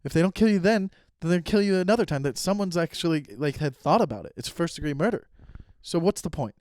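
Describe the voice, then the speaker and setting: A man's voice: fairly high pitch, fast talker, no echo. A man in his thirties hosting a solo comedy podcast, ranting in a rambling, profane way and acting out quoted conversations. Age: 30s. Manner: animated, profane, rambling rants with quoted dialogue. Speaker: podcast host.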